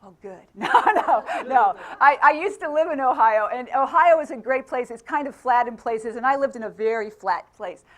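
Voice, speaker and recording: A middle-aged woman gives a motivational talk, with a fairly high voice. She keeps the room involved, throwing questions at the audience and laughing easily. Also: fairly quick, hardly any pauses, a bit bright. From England. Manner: engaging, asks the audience questions, laughs often. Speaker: motivational speaker.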